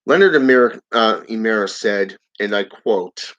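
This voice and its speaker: A man's voice: fairly low pitch, expressive, moderate pace, hardly any pauses, fairly bright tone. A man hosting his channel, reading viewer comments aloud in a casual live-stream chat and chuckling often. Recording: dull lo-fi audio.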